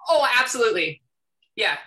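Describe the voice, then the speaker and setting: Brief: quick, animated woman, higher pitch. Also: low-quality recording. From Canada. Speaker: podcast guest. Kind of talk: casual podcast chat.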